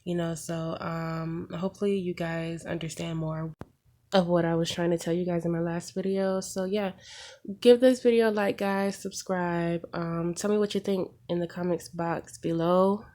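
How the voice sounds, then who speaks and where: Young woman vlogger, somewhat low voice, heated and emphatic, repeats her points and fires off rhetorical questions. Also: little pitch movement, normal speed, a little mellow. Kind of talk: impassioned opinion vlog.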